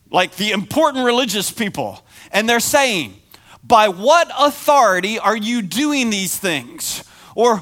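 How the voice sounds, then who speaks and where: A man giving a conversational sermon as pastor, animated and acting out the voices in the story. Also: high-pitched.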